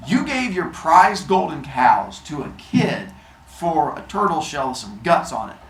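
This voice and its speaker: A man's voice: fairly high pitch, sing-song, a little slow. A man voicing a curious, casual king of the gods who asks questions and sounds impressed. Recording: roomy echo.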